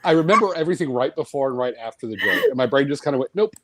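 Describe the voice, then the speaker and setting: A man's voice: mid-range voice, racing, fairly bright tone, dry recording. A man co-hosting a casual chat, making wry jokes. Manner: wry, joking. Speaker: co-host.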